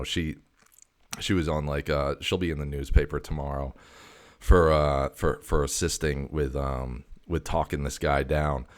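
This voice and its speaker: A man hosting a comedic casual chat, stammering, cursing and sounding exasperated. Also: rumbling low. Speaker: video host.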